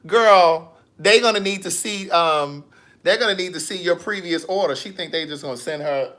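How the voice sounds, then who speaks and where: A man's voice: a little high, a little fast. Sassy man chatting on a live stream. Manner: sassy, animated storytelling. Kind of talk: casual live-stream chat reading comments.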